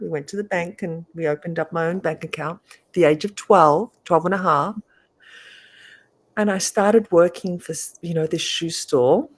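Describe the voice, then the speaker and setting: A middle-aged woman, a guest, telling a story in a lively, animated way and laughing often. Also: lowish voice, slightly rough. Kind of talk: casual storytelling.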